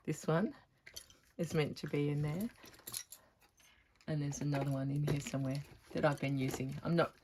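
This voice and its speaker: A woman's voice: low-pitched, moderate pace, pauses often, darkish tone, a little hiss or hum. A woman chatting casually in a crafting vlog, thinking aloud as she works on her stitching. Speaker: textile artist showing her stitching.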